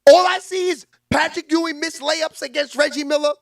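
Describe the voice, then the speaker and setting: High, gravelly-voiced man ranting casually. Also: dry recording. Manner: animated, slangy, quick to laugh. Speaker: vlog host. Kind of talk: casual sports commentary.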